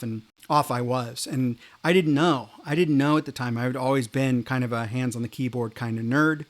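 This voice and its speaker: A middle-aged man hosting a podcast, rambling through animated career anecdotes in a casual monologue. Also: mid-range voice, moderate pace, few pauses. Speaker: podcast host.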